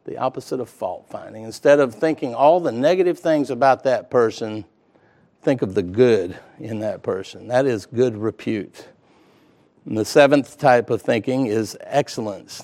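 A man in his fifties preaching a sermon, earnest, slowing down to stress key words. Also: mid-range voice, a little mellow. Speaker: pastor.

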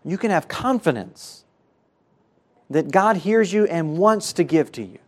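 A man preaching a sermon, emphatic, lifting his voice on quoted prayers and dropping low and quiet to stress key points. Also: animated, unhurried.

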